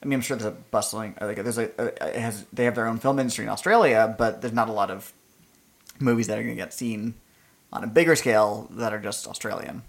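Very low-voiced woman musing wryly. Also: steady tone, fast talker. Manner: musing, trails off, wry. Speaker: podcast co-host. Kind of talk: casual movie chat.

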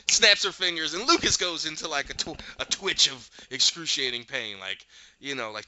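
A man's voice: on the high side, lively intonation, fairly quick, pushed and bright, no room sound, dull audio. A man casually recapping a show, animatedly retelling scenes and acting out the characters' lines. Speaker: podcast host recapping a show.

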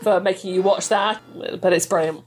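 A woman's voice: medium pitch, steady tone, normal speed, loud music behind the voice. A woman chatting enthusiastically as a guest, laughing often. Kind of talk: casual chat.

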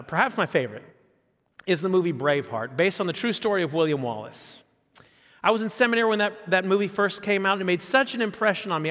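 A man in his fifties preaching a sermon as a pastor, animated, repeating phrases and asking rhetorical questions. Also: sits high. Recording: long hall reverb.

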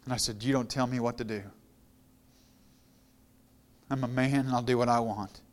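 A middle-aged guest pastor with a smooth, resonant voice at an ordinary pitch for a man. He tells his own story plainly and conversationally, then rises into louder, fervent preaching. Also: fairly even intonation, moderate pace. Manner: conversational testimony, grows louder and more fervent when preaching. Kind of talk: storytelling sermon.

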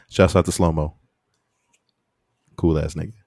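A man's voice: sits low, normal speed, gravelly, darkish tone, no echo, clean studio sound. A man co-hosting a podcast in casual, rambling chat, laughing often. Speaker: podcast co-host.

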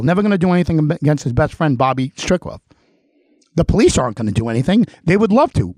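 A man's voice: medium pitch, darkish tone, dry recording, clean studio sound. A man hosting a political talk show, delivering a heated monologue full of rhetorical questions and challenges to an absent official. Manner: emphatic, repetitive rhetorical questions. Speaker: show host.

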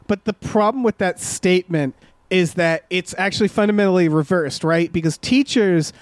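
A man with a fairly high voice rants about a movie on a podcast, exasperated and sweary, tumbling over his own restarts. His voice is recorded close and dry, with no room sound at all. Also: no echo. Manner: exasperated, sweary, talks in fast bursts with restarts. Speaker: podcast co-host. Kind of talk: casual movie review chat.

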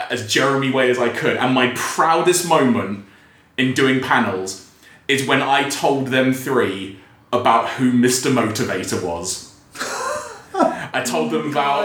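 Animated man telling stories. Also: medium pitch. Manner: animated storyteller, acts out quotes, laughs often. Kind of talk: casual chat. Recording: roomy echo.

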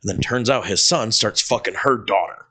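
Dude cohosting a podcast, cussing constantly, cracking himself up, acting out what people said. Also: male voice, on the low side, normal speed. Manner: animated, profane, laughs often, acts out quotes. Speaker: podcast co-host. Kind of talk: crude casual storytelling.

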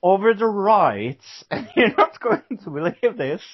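A man's voice: high-pitched, sing-song, a little slow, husky. A man from Norway hosting a casual podcast, joking around in a playful, hesitant way. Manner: playful, putting on a joke British persona. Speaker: podcast host. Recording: dull lo-fi sound.

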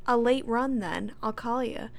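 A woman reading as a smooth flirty man. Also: fairly high pitch, a little slow, slight background noise.

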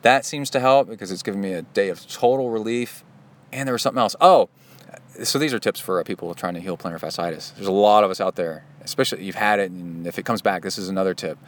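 A middle-aged man hosts a casual podcast monologue in a fairly low voice. He is chatty and self-deprecating, and he drifts into side stories as he goes. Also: fast. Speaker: podcast host.

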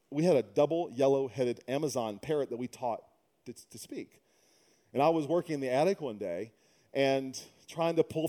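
A man's voice: fairly high pitch, warm tone. A middle-aged man preaching a sermon, mixing humorous conversational stories with emphatic preaching. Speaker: pastor.

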